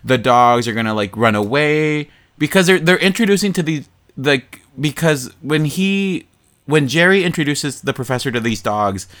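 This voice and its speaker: A man with an everyday mid-range voice talks through a movie plot in loose, casual chat. He is animated and profane, swearing freely and mocking the characters as he goes. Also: medium pitch. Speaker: podcast co-host.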